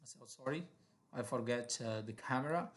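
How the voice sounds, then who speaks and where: A man's voice: medium pitch, moderate pace, fairly bright tone. A man teaching an online English lesson, explaining exercises with many hesitations and filler sounds.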